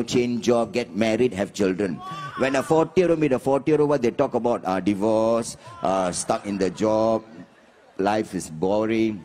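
A man in his fifties with a Singaporean English accent, doing chatty, mock-exasperated stand-up comedy and jumping into shrill voices for the characters he acts out. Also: darkish tone. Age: 50s.

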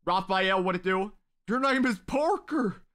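A man hosting a casual live stream, talking at length and giving shout-outs to viewers from his home. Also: high-pitched, animated, a little slow, smooth. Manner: rambling and talkative, shouting out viewers. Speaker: live-stream gaming host.

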